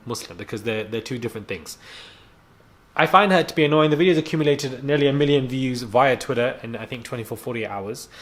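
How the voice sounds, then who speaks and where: Annoyed man ranting to camera. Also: mid-range voice. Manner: annoyed, heated, repeats himself with fillers. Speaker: vlogger.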